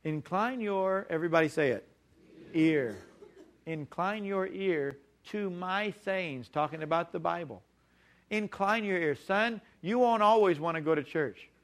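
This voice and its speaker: A man's voice: high-pitched, a little slow, a bit bright. A man preaching a sermon, stressing and repeating key words and stretching out important phrases. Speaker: pastor.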